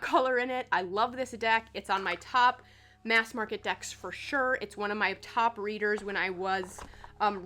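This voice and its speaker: A woman's voice: medium pitch, sharp tone. A woman talking casually to her viewers as a tarot vlogger, chatty and loose, with lots of "like" and "um" as she shows cards to the camera. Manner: chatty, filler-heavy with frequent "like" and "um". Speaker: tarot content creator. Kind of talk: casual chat.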